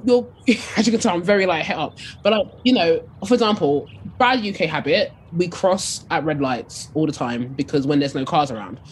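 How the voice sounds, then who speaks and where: Chatty young Essex woman, lively storyteller. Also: fairly low pitch, slight background noise. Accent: Essex English. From England. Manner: animated, chatty, many fillers like "like". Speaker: DJ and radio host. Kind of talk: casual storytelling interview.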